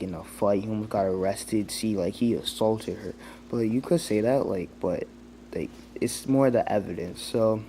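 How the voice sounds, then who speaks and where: A man's voice: fairly low pitch, warm tone, a little hiss or hum. A young man giving a casual, rambling rant, full of "like" and restarts. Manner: rambling, heavy use of "like", many restarts. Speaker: vlogger.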